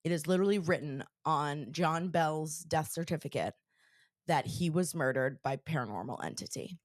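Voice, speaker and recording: A woman's voice: low voice, moderate pace, no echo, clean studio sound. Chatty young woman podcast host. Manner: chatty, lots of "like" fillers, excitable. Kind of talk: casual storytelling chat.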